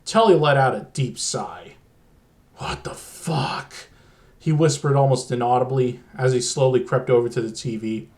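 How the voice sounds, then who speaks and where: A man's voice: mid-range voice, fairly quick, hardly any pauses, a little mellow. A man narrating a crude comedic horror story in a profane, exasperated way.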